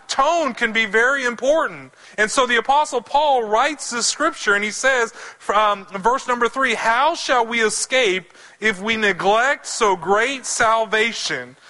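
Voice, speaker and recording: A man preaching a sermon, slowing down and lowering his voice for scripture quotes. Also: pushed and bright. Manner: slows to stress scripture quotes. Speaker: pastor.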